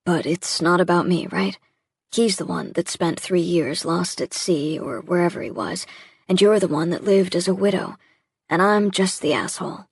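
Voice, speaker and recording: Woman reading as hurt young boyfriend, husky breathy voice, halting, cracking, dry close sound. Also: lowish voice, no echo. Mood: bitter. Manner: halting, pained, voice breaking. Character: distraught young adult man, jealous boyfriend. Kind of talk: audiobook dialogue reading.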